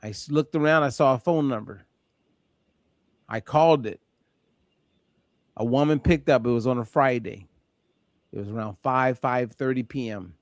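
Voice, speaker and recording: A man hosting a group call, telling an animated story and acting out the voices of people in it. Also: mid-range voice, no echo, clean studio sound. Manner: animated, acts out voices in anecdotes. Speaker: host. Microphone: call audio.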